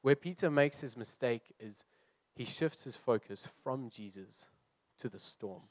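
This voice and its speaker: A man's voice: medium pitch, measured pace, dry recording. A young man who is a youth leader, preaching earnestly and reading scripture aloud before explaining his points. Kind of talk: sermon.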